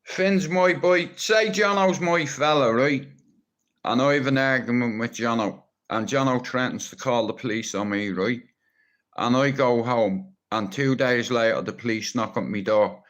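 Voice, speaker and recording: Irish guy on a live stream, talks slow, blunt, swears a lot and teases his mates. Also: mid-range voice, a bit bright, dull audio. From Ireland. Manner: rambling, blunt, swearing, teasing. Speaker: livestreamer. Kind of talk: rambling live stream monologue.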